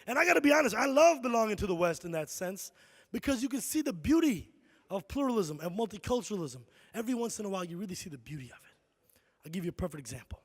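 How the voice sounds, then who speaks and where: Guy doing standup, high voice, lots of "right?", echoey big hall. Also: fast, husky. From Chicago, USA. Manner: animated storytelling, frequent "right?" asides. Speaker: stand-up comedian. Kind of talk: live stand-up comedy. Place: concert hall stage. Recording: reverberant concert hall.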